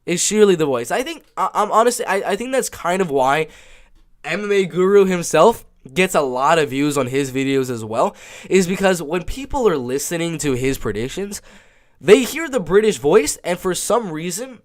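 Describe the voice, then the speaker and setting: Animated rambling man reacting to a video. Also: high-pitched, moderate pace. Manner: animated, rambling, stammers and repeats himself. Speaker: YouTube reaction host. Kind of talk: casual reaction commentary.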